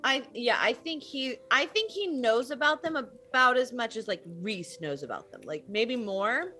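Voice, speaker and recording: Bright-voiced, frank woman co-host. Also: on the high side, faint music behind. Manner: relaxed, frank, quick asides. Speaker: podcast co-host. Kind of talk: casual chat about books.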